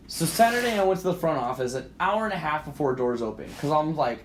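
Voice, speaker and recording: A man's voice: on the high side, expressive, brisk, few pauses, slight background noise. Fired-up, profane man telling a story. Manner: heated, profane ranting; rambling, with frequent restarts. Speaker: podcast co-host. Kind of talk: casual podcast storytelling.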